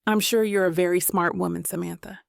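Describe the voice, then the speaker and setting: A woman's voice: lowish voice, fairly even intonation, a little fast, gravelly, no echo, clean studio sound. A woman voicing a courteous, eager-to-please young man on a date in an audiobook. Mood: polite. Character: polite smooth-talking young man on a date.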